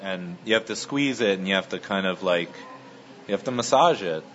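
A man's voice: deep voice, lively intonation, moderate pace, fairly bright tone. A man who runs a restaurant, answering interview questions in an easygoing, plain-spoken way. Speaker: restaurant owner. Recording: muffled recording, faint background noise.

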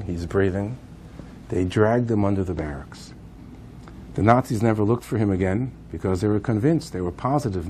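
A man's voice: on the low side, mellow, a little hiss or hum. A man speaking at a memorial program, telling a dramatic story with emphasis and swings of pace.

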